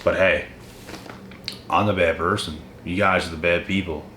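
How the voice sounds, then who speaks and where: A man's voice: deep voice, steady tone, normal speed, pushed and bright. A man giving a blunt, profane, confrontational motivational rant straight at his viewers. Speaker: motivational channel host. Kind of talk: ranting motivational monologue. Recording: echoey room with faint noise.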